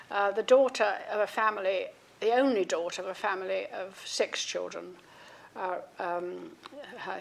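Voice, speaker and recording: A woman's voice: mid-range voice, gravelly. An older woman, an author giving a public talk, reads passages from her own book and fills the gaps with ums and restarts. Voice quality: frequent ums and restarts between readings.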